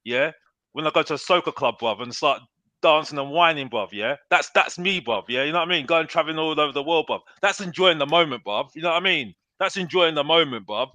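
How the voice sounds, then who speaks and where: A man's voice: on the high side, lively intonation, brisk, pushed and bright, dry recording. A man, arguing and teasing in a heated football podcast chat, saying "bruv" often. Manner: argumentative, teasing, says "bruv" a lot. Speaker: podcast guest. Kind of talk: heated casual banter.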